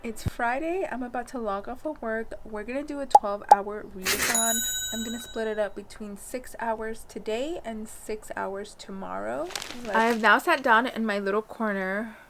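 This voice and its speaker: A woman's voice: fairly high pitch, normal speed, hardly any pauses, very noisy. Chatty young woman vlogging her reading. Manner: chatty and gushing, with emotional outbursts. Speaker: book vlogger. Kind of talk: casual reading vlog. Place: small reading corner at home.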